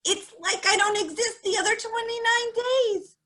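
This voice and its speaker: A woman's voice: very high voice, steady tone, normal speed, pushed and bright, voice pushed up, low-quality recording. A woman voicing a complaining old woman who groans and whines about everything. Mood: whining. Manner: whiny, groaning, exaggerated sighs. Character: complaining old Jewish woman, forever kvetching.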